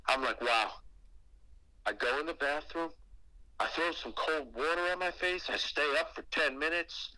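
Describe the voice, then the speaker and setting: A man's voice: fairly high pitch, animated, moderate pace, sharp tone, dry recording, low-quality recording. A man calling into a podcast to tell a frightening personal ghost story, profane and emphatic. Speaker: guest caller telling a ghost story.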